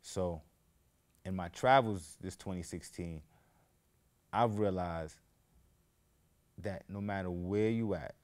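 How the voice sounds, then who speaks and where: A man's voice: low-pitched, slow, pauses often. A man hosting his own show, telling casual stories and drifting off on tangents, livening up whenever he quotes people. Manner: rambling, goes off on tangents; animated, raises voice when quoting others. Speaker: podcast host. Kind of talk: casual storytelling monologue.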